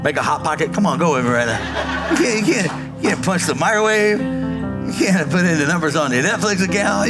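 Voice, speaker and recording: A man's voice: a little high, animated, brisk, loud music behind the voice. A man preaching a sermon as pastor, acting out quoted voices and calling on the congregation to respond. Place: church sanctuary before a congregation.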